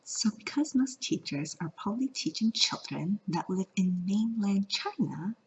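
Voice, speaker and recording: A woman's voice: medium pitch, lively intonation, unhurried, breathy edge. A woman from California teaching a vlog lesson, playful and singing out the example tones. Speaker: Mandarin teacher. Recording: lo-fi audio.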